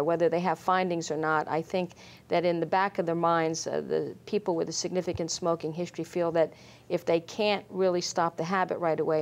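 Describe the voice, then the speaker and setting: Woman doctor with many pauses. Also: fairly low pitch. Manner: measured, many fillers. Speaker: pulmonologist guest. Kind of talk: medical interview.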